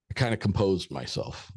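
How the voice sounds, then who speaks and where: A man's voice: low voice, vocal fry, a little mellow, breathy edge, dry recording, studio quality. A middle-aged man, a podcast guest, telling a long story in a rambling, hesitant way with some swearing. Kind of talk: casual storytelling.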